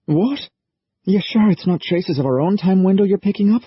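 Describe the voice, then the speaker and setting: A man voicing an anxious young man in hiding, with tense, high, urgent questions. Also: moderate pace, husky, no echo, lo-fi sound. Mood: alarmed.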